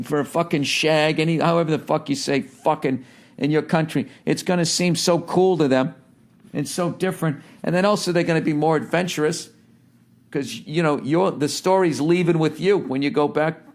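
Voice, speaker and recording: A man's voice: fairly high pitch, moderate pace, a little mellow. Blunt, profane man ranting comically. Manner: blunt and profane, lots of swearing; loose and rambling, with fillers and restarts. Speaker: podcast host answering a listener's letter. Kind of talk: comedic advice rant.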